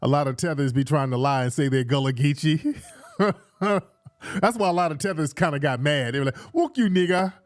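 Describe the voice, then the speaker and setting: A man's voice: mid-range voice, fairly quick, no room sound. A man hosting a casual livestream, chatty and hyping, often repeating his phrases, recorded indoors on a studio mic. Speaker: show host. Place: indoors in Los Angeles.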